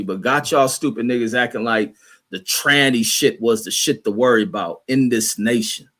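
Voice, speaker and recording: This livestream host, a man with a medium-pitched, fairly bright voice, rants heatedly as he reads out and responds to chat. He's profane, combative and mocking throughout.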